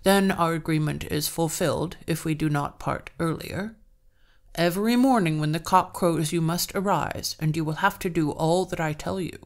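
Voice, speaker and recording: A woman puts on a sly old troll farmer from a storybook, smiling and falsely kind as he mocks his hungry servant. His voice sits a touch low and sounds set apart from the narration, with a bland, teasing calm. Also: normal speed. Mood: smug.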